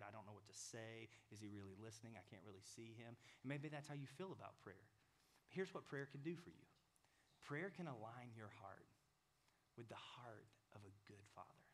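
Guy in his 30s preaching, lively and animated, acts out voices, goes quiet and whispery sometimes. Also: mid-range voice, a little hiss or hum. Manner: animated, acts out inner dialogue, drops to soft whispers. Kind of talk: sermon.

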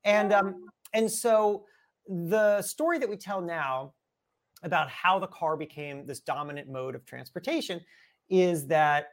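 A man's voice: high-pitched, measured pace. A man, a guest author, telling a story in a casual chat with lots of energy, repeating and restarting words.

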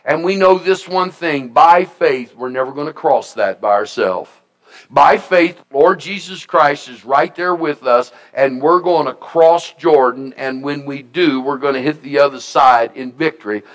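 A man's voice: medium pitch, normal speed, few pauses, roomy sound. A male pastor preaching a sermon in a call-and-response style, asking the congregation for amens and repeating his key lines for emphasis.

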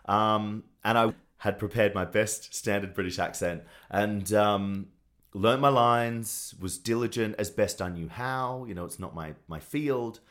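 A man in his thirties with an Australian accent, a TV host and sportscaster chatting as a guest, telling animated, self-deprecating stories with plenty of fillers. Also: lowish voice, a little slow. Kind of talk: casual interview chat.

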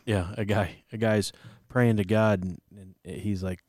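A man's voice: fairly low pitch, fairly even intonation, a little slow, darkish tone, no echo, studio quality. A man co-hosting a faith podcast, rambling and self-deprecating, full of fillers as he tells a story. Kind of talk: casual faith chat.

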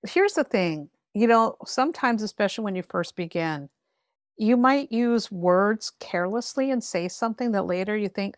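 A woman's voice: medium pitch, animated, normal speed, no room sound, studio quality. Blunt, emphatic woman giving advice. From rural area. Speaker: tarot reader guest. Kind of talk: candid advice in a podcast conversation.

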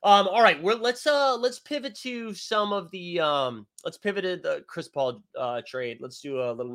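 A man hosts a loose live stream, rambling between topics and tossing out jokes as he answers the chat. His voice sits a little high and sounds bright and forward. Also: moderate pace, few pauses. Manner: loose, rambling, jokey, reads comments aloud. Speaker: sports show host reading live chat.

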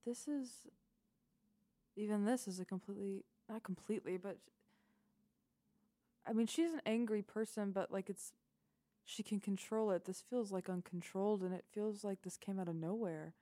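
A woman's voice: mid-range voice, normal speed, long pauses, mellow, no echo. A woman player at a tabletop game, thinking aloud casually with restarts.

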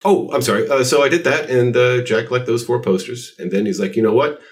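A man's voice: mid-range voice, a little fast, far from the mic. A man being interviewed about his art, telling stories in a rambling, self-deprecating way with lots of fillers. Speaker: artist guest. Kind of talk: casual interview chat.

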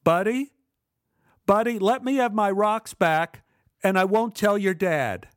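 A man's voice: high-pitched, animated, moderate pace, no echo, studio quality, voice pushed up. A man voicing his younger self as a boy, insistent and pleading for his rocks back.

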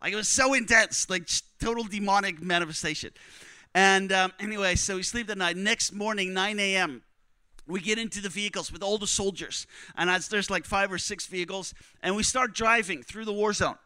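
A man preaching, telling a story in a conversational, animated way and acting out what others said. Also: high voice, a little fast, smooth, dry recording. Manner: animated, conversational, acts out quotes. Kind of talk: sermon storytelling.

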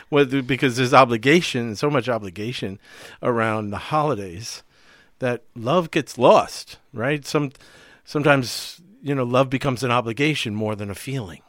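A man co-hosting a podcast in relaxed conversation, thinking aloud with frequent asides. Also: mid-range voice, unhurried, dry recording, studio quality. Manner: reflective, thinks aloud with many "you know" asides. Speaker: podcast co-host.

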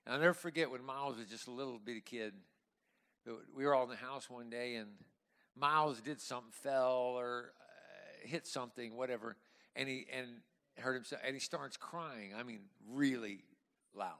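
Older male pastor preaching, gravelly. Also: mid-range voice, normal speed. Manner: emphatic preaching, swings from quiet to shouting. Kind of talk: sermon. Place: church. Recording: echoey hall with faint music.

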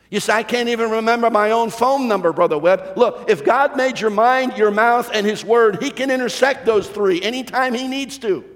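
A man's voice: on the high side, big-room sound. A male pastor preaching a sermon, building emphasis with repeated phrases and rhetorical questions.

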